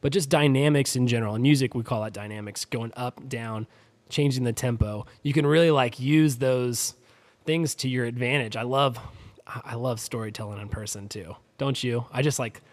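A man's voice: medium pitch, fairly quick. Rambling male podcast co-host. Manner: relaxed, rambling, many fillers and restarts; drops volume at the ends of phrases. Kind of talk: casual podcast chat.

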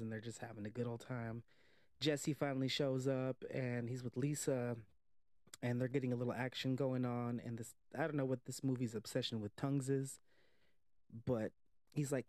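This is a medium-pitched man, a movie reviewer, casually running through a film's story in a rambling style, saying "like" constantly and swearing now and then. He acts it out animatedly, dropping into the voices of characters. The recording is dry and clean, with studio sound.

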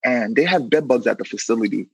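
A man who works as a correction officer, telling stories in a casual, animated way and acting out the voices of the people in them. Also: mid-range voice, fast talker, husky, no echo, poor audio. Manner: animated, acts out quoted voices, fills with "you know what I mean". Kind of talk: casual storytelling in an interview.

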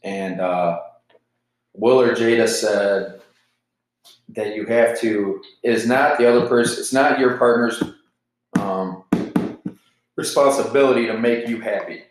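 This podcast host, a man in his twenties, talks at a measured pace with long pauses in a fairly low voice. His casual solo monologue is rambling, candid, and profane, fueled by caffeine jitters. The rough recording is roomy, with a little hiss or hum.

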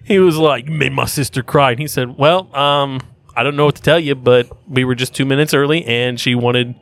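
A man's voice: mid-range voice, moderate pace. A man telling work stories in casual podcast chat, swearing often and acting out quotes between laughs. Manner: animated, swearing, acts out quotes while laughing. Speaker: podcast guest.

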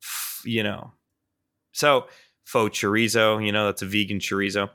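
Lively young man telling a story, bright voice. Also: lowish voice, normal speed, smooth, no echo, clean studio sound. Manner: animated and profane, with frequent fillers. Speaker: podcast co-host. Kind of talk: casual storytelling.

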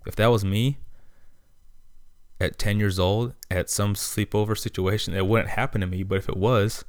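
Low smooth-voiced man ranting. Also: fairly even intonation, normal speed, no echo. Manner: profane, heated ranting. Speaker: podcast host. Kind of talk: casual monologue rant.

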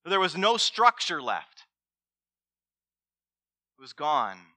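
A man preaching a sermon as pastor, swinging between loud emphasis and hushed words and asking the congregation direct questions. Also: on the high side, very animated, slow pace, no echo.

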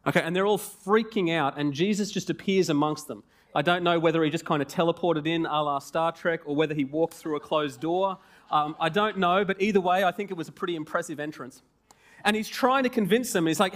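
Man, preacher, sermon, casual and joking, slightly high voice, animated delivery. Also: fairly quick. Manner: animated, jokey and conversational.

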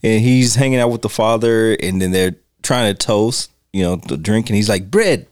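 A man's voice: fairly low pitch, moderate pace, clean tone, no echo, clean studio sound. A man co-hosting a casual film commentary podcast, recounting scenes and quoting lines. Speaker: podcast co-host.

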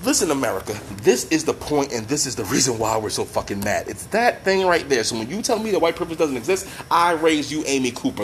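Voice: medium pitch, slight background noise. A commentator in a profane, impassioned rant who talks bluntly, swears constantly and speaks straight to the listeners. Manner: heated, blunt, heavy swearing, addresses listeners directly.

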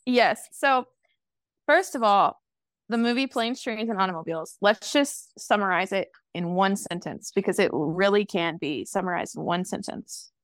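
A woman's voice: mid-range voice, moderate pace, no echo, studio quality. A woman co-hosting a casual podcast chat over a call, bubbly and laughing often. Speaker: podcast co-host. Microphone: remote call mic.

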